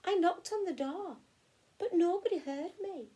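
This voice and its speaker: A woman's voice: very high-pitched, measured pace, warm tone, pitched above the performer's own voice. A woman voicing a polite male mole in a storybook, apologising for bursting in. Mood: apologetic.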